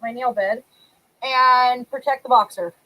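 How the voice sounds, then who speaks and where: Young female co-host, high-pitched, easy casual chatter with comment read-outs. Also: steady tone, unhurried, sharp tone, rough recording. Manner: chatty, reading out viewer comments. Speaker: podcast co-host. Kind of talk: casual chat.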